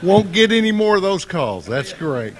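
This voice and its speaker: A man's voice: high-pitched, very animated, moderate pace, some chatter behind, a little hiss or hum. A man serving as chaplain, joking briefly before leading a plain-spoken prayer. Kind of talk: light banter then spoken prayer.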